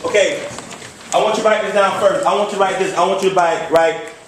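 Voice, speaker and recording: High-voiced man preaching in an echoey hall. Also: quick pace, recorded from a distance, slight background noise. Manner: commanding call-and-response, repetitive. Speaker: motivational speaker. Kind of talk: motivational speech. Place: large hall before an audience.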